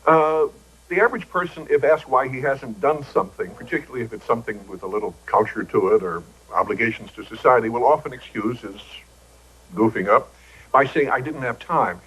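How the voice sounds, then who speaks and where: A man's voice: mid-range voice, brisk, fairly bright tone, slightly rough, poor audio. An older man, a talk show guest, telling wry joking anecdotes and acting out the voices he quotes, on old broadcast TV audio.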